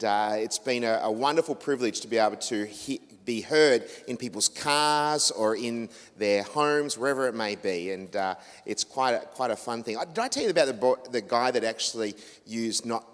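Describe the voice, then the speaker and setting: A man's voice: mid-range voice, lively intonation, moderate pace, hardly any pauses. An Australian man, a radio host, giving an informal church talk to an audience in a rambling way with many restarts and self-corrections. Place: church hall. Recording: long reverb of a church hall.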